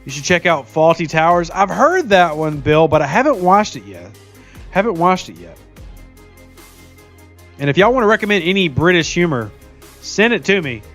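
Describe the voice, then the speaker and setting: A man's voice: on the high side, big pitch swings, moderate pace, long pauses, fairly bright tone, faint music behind. A man streaming a mobile game, chatting casually and jokingly while reading viewer comments aloud. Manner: chatty, jokey, laughs often, reads viewer comments aloud. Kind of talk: casual live-stream chat while playing.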